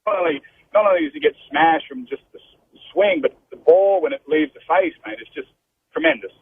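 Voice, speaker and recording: An Australian pro golfer in his fifties, telling golf stories as a guest on a radio interview, animated and saying "mate" often. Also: fairly high pitch, fairly quick, vocal fry. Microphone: telephone. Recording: phone line with faint noise.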